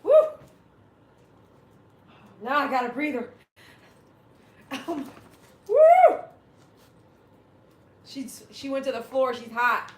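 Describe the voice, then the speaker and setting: A woman's voice: sits high, fairly even intonation, normal speed, long pauses, pushed and bright, echoey room. A woman hosting a casual livestream from home. She chats to her dogs and reads viewer comments aloud. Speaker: dog groomer and livestream host.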